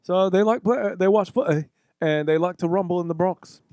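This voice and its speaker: Joking man with a higher voice. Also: moderate pace, a little mellow, clear, resonant tone, no echo, clean studio sound. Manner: joking, slips into a mock British accent. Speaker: podcast co-host. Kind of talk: casual banter.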